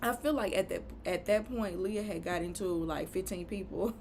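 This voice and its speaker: Woman, casual vlog recap, opinionated, rhetorical questions, mid pitch, faint background noise. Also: brisk, a little mellow. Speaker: reality TV recap vlogger.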